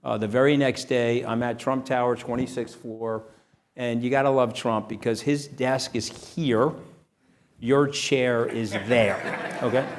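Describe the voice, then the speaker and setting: A middle-aged man as an interview guest, telling an anecdote fast and animatedly. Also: medium pitch, slight background noise. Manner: fast, animated, acts out quoted voices. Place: event venue.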